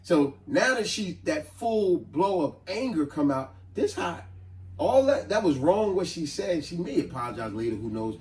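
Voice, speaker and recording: Guy talking thru a book plot, lively and repetitive, echoey room far off mic. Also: on the high side, moderate pace. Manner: animated retelling, lots of repeating. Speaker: book reviewer. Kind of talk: casual book discussion.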